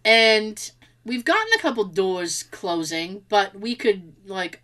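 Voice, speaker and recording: A woman with a mid-range voice speaks slowly in a casual chat recapping a ghost show. She's an animated storyteller who acts out plenty of quotes and laughs often.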